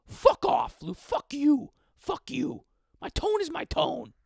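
A loud, brassy mother barks curses in a shrill, much higher voice, as her son does her. She sounds combative even when she agrees. The recording is dry and close. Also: slow pace, gravelly, dry recording, heavily acted. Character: brash foul-mouthed middle-aged mother, combative tone.

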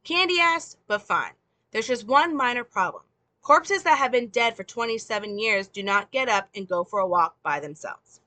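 A woman's voice: fairly high pitch, lively intonation, normal speed, pushed and bright, no echo. A woman reading the lines of a sarcastic, hard-bitten male police detective from a script in a dry, mocking way.

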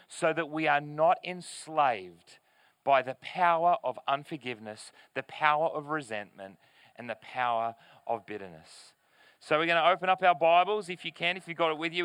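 A pastor preaching a sermon in church, reading scripture aloud and explaining it in an earnest, emphatic way with deliberate pauses. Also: male voice, on the high side, fairly bright tone, clean tone, dry recording. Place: church service in front of a screen.

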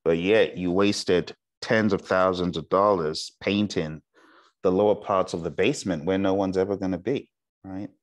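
This is a deep-voiced man teaching exam prep in a recorded online lecture. His delivery is purposely slow, and he often pauses to ask "okay?" or "all right?"

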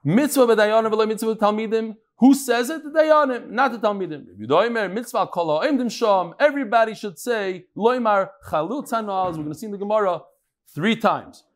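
A man in middle age with a notably high voice teaches a daily Mishnah class. He talks in a lively, joking way and moves easily between English and Hebrew terms while he walks through a demonstration. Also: brisk.

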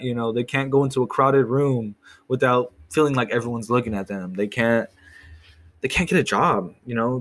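A man's voice: mid-range voice, fairly bright tone. A young man in a casual, rambling monologue, swearing often and repeating himself as he talks.

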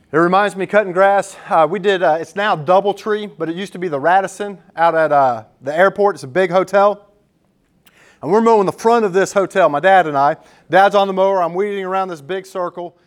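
A male pastor preaching a sermon in an earnest, emphatic, conversational way, mixing scripture with personal stories. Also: high-pitched.

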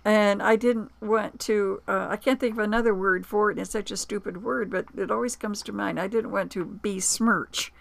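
A woman with a gravelly, creaky edge to her voice speaks as an interview guest. She tells personal stories in a reflective, conversational way, with small hesitations and acted-out quotes. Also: medium pitch, fairly even intonation, moderate pace. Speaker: author and producer, interview guest. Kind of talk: conversational storytelling.

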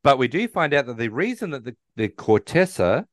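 A man's voice: mid-range voice, sing-song, fairly quick, dry recording, clean studio sound. A man co-hosting a podcast, casually retelling a movie's plot and acting out the characters' lines. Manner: rambling, restarts and acts out quotes. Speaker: podcast co-host. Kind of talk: casual movie recap chat.

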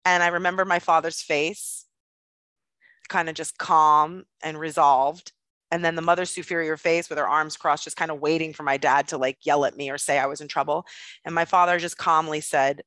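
A woman guest telling a personal story in conversation, animated and blunt, swearing freely. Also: deep voice, moderate pace, no echo.

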